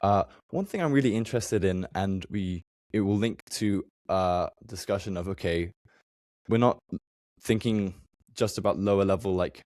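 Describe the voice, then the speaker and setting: A man's voice: sits low, moderate pace, a little mellow, dry recording, clean studio sound. A young man hosting a podcast interview, asking searching questions tentatively with many fillers. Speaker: podcast host.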